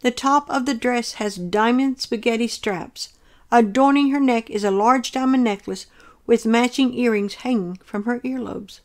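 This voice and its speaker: Earnest woman reading a dream account. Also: on the high side. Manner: earnest, measured and descriptive. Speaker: narrator of her dreams.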